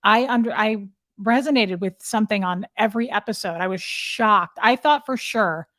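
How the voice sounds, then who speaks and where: A woman speaks as a guest in a conversational interview, recounting her story candidly and emotionally. She often halts and restarts her sentences. Her voice sits in a mid pitch and sounds dry, with no room echo. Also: moderate pace, a bit bright.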